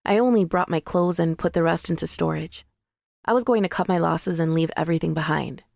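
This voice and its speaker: A woman reads a first-person audiobook in a measured, intimate way. Her fairly low voice carries a gravelly, fried texture. The recording is close and dry, from a studio booth. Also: a little mellow, no echo. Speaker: audiobook narrator.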